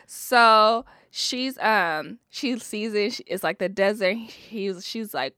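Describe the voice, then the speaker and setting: A woman's voice: mid-range voice, takes it slowly, hardly any pauses, clean tone, dry recording, studio quality. A woman with retelling a reality show in casual chat, swearing freely and acting out what people said. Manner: animated storyteller, acts out quotes, swears freely. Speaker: podcast co-host.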